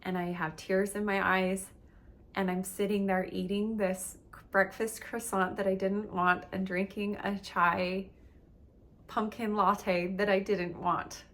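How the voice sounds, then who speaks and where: A woman's voice: mid-range voice, level tone, takes it slowly. A woman coach telling a personal story in a candid, emotional, casual way, with lots of filler words. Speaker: relationship and meditation coach.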